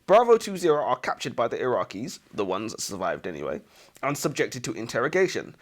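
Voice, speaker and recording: A man co-hosting a casual book-review chat, telling stories with animated retellings. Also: medium pitch, fairly quick. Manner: animated storytelling. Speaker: co-host.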